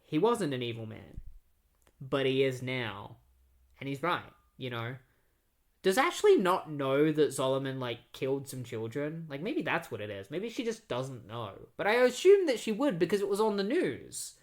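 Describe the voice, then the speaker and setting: Guy recapping comics, kinda high voice, says like and you know a lot. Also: huge pitch swings, moderate pace. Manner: rambling, full of "like" and "you know". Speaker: comic book podcast host.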